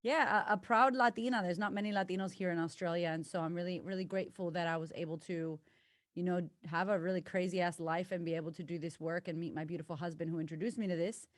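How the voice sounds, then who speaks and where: An American woman who coaches women on confidence, talking as a podcast guest, effusive, swearing, with bursts of excitement. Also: lowish voice, fast talker, dry recording, studio quality. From United States. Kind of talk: casual podcast interview.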